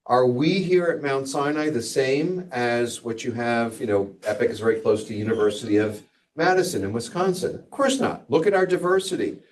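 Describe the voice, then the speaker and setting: A man's voice: mid-range voice, normal speed, far from the mic. A man giving a hospital grand rounds lecture as a physician, conversational and digressive with wry asides.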